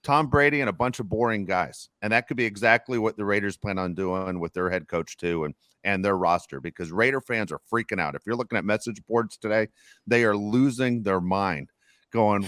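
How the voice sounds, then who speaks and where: A man's voice: fairly low pitch, brisk, a bit bright, no echo. Man, podcast co-host, casual sports talk, emphatic, opinionated, dry studio sound.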